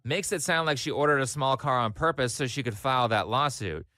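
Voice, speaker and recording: A man narrates a scripted commentary in a flat, matter-of-fact tone. His voice is bright and forward, and it sits on a dry, close recording with no room sound. He keeps an even, measured delivery throughout. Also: medium pitch, no echo.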